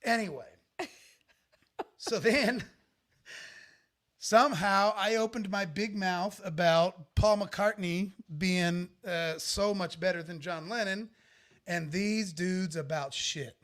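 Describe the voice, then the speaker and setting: 嗓音偏高、爱笑的男主播. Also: male voice, high voice, slow pace. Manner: animated, laughing storyteller, swears freely. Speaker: podcast co-host. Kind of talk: casual live-stream chat.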